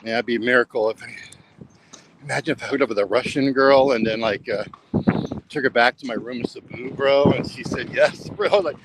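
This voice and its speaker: A man's voice: mid-range voice, brisk, noisy background. A man rambling casually for a travel vlog while walking along a road at night, repeating himself and saying "bro" a lot. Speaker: travel vlogger.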